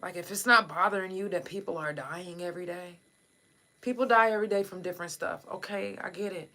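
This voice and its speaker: A woman's voice: lowish voice, fairly even intonation, fairly quick, sharp tone. Impassioned, profane woman podcast host. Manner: speaks straight to listeners in the chat. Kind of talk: casual livestream talk.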